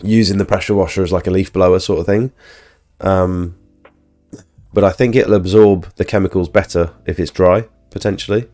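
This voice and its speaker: Sick but mellow, a low-voiced man makes casual live-stream conversation with his viewers. He runs a pressure washing business, streams on the side, and rambles along with plenty of filler.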